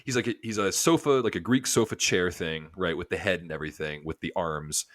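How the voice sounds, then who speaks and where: A man's voice: low voice, brisk, a bit bright, no echo. A man co-hosting a podcast, casually retelling a cartoon episode in a rambling way full of fillers. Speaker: podcast co-host.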